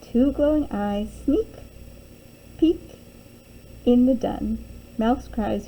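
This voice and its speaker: A woman's voice: on the high side, takes it slowly, long pauses, dark tone, a little hiss or hum, poor audio. A young adult woman teacher reading a children's picture book aloud, with sing-song storytelling and little character voices.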